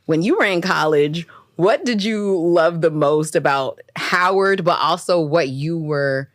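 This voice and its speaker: A woman's voice: deep voice, unhurried, dry recording, clean studio sound. Upbeat young woman podcast host. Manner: encouraging, lots of affirmations and laughter. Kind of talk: interview.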